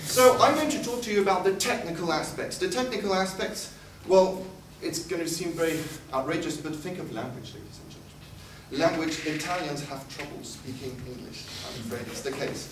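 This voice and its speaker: A man's voice: fairly high pitch, brisk, few pauses. A man giving a formal competitive debate speech, full of sarcastic, ironic jabs. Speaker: debate speaker. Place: debate hall. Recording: echoey hall from far off with noise.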